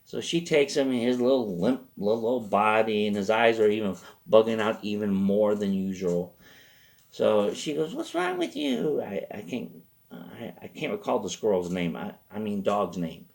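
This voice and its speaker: Male host, low and gravelly, rambling storyteller with deadpan asides. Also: moderate pace. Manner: rambling, self-interrupting. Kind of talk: comedic storytelling.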